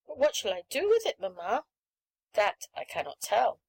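A woman's voice: big pitch swings, moderate pace, slightly rough, exaggerated voice, poor audio. Woman doing an eager little girl. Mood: pleading. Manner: earnest, pleading, high.

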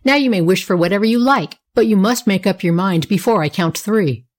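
A woman's voice: medium pitch, fairly quick, a little mellow, lightly acted. A woman voicing an old fairy godmother with a cracked, wavering, stern manner. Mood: solemn. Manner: stern, testing.

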